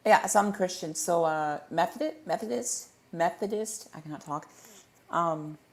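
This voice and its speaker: A man's voice: fairly high pitch, moderate pace, gravelly. A man chats casually on a livestream Q&A, speaking into a desk microphone. He rambles in a playful, good-humored way, often stumbling and restarting his sentences. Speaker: livestream host.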